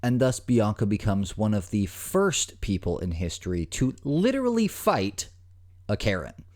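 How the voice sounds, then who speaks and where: A man's voice: on the low side, moderate pace, darkish tone. A male host giving casual commentary on viral clips, with wry asides and hesitant fillers.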